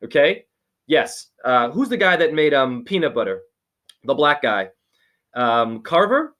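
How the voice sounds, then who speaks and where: A man giving a spiritual reading over a video call, preachy and rambling, with sudden high exclamations. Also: sing-song, a little slow, fairly bright tone. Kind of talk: excited casual video-call chat.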